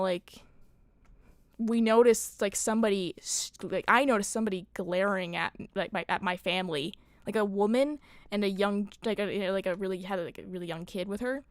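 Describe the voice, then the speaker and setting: A woman's voice: mid-range voice, no room sound, clean studio sound. A young woman streaming, telling a rambling story in casual chat, full of fillers and swearing.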